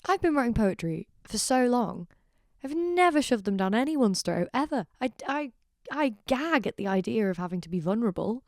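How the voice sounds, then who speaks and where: A woman's voice: a little high, very animated, moderate pace, darkish tone, dry recording, clean studio sound. A tipsy young woman hosting a casual solo podcast, rambling, sardonic and giggly. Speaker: podcast host.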